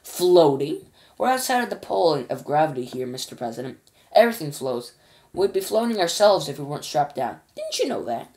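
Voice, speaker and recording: A woman's voice: sits low, big pitch swings, a little fast, a little mellow. A woman voicing a cheeky astronaut. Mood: cocky. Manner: cocky, casual slang, talking back. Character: brash, cheeky male astronaut. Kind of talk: children's storybook reading.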